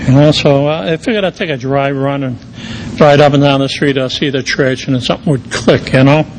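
A man's voice: medium pitch, fairly even intonation, a little fast, slight background noise, rough recording. A middle-aged man, giving a personal recovery testimony in a rambling storytelling way full of "you know" fillers. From Quincy, Massachusetts area. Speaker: recovery meeting speaker.

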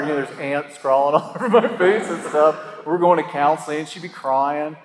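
A man's voice: fairly high pitch, a little fast, few pauses, a crowd in the background. A man telling his own story at a recovery meeting, rambling and self-deprecating, with lots of fillers and chuckles. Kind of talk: candid personal storytelling. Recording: echoey hall with faint ambient noise.

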